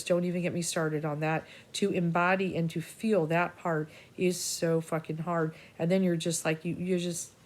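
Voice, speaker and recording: A woman with a Boston accent giving an emotional, rambling spiritual talk, halting often and swearing freely. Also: fairly low pitch, a little mellow. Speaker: spiritual reader.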